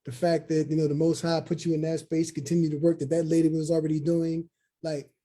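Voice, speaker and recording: A male interviewer with a husky voice and a very dark, mellow tone that sits a little high. He mostly affirms his guest with short replies and offers brief reflective remarks. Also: level tone, a little fast. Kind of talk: conversational interview.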